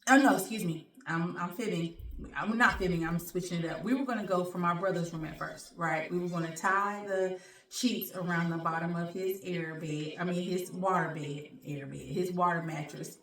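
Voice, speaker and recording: A woman hosting her own show, telling a personal story in an animated, colloquial way and speaking straight to her audience. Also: on the low side, normal speed. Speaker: show host. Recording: roomy sound, distant from mic.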